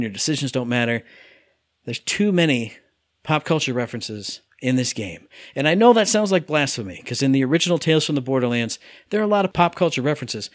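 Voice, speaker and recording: A man's voice: fairly high pitch, no echo, studio quality. A man co-hosting a casual chat, ranting about a game and mimicking characters' lines in exaggerated voices. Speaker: podcast co-host reviewing a game.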